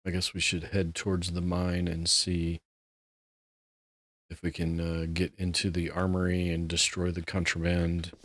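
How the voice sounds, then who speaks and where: A man hosting a relaxed let's play, chatting and musing aloud as he plays. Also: deep voice, unhurried. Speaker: gameplay host.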